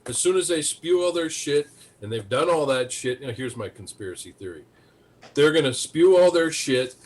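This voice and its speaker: A man's voice: a little high, expressive, moderate pace. A man on a video call panel, talking bluntly and profanely, incredulous at the news. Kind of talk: casual panel chat.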